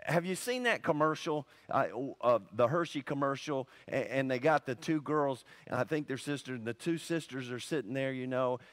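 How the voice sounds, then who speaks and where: A male pastor preaching a sermon in an animated, conversational way, full of asides and exclamations. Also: mid-range voice, moderate pace, few pauses.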